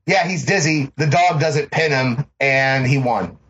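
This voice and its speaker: A man's voice: mid-range voice, unhurried, fairly bright tone, husky. A man casually mocking a movie on a podcast, rambling and swearing often. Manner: sarcastic, rambling, swears often, laughs a lot. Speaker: podcast co-host. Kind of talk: casual profane movie-review chat. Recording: slightly dull lo-fi sound with faint noise.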